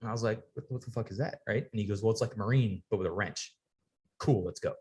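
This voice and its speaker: A man in his forties, a guest in a podcast studio, telling an animated, profane story and acting out the people in it. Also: fairly low pitch, quick pace. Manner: animated storyteller, acts out quoted people, swears freely. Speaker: podcast guest, retired Navy sailor. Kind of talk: casual storytelling interview.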